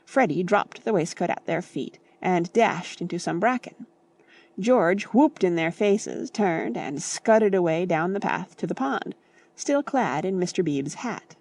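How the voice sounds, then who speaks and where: This audiobook narrator is a woman with a fairly low-pitched voice. She reads a classic novel in a measured yet expressive manner.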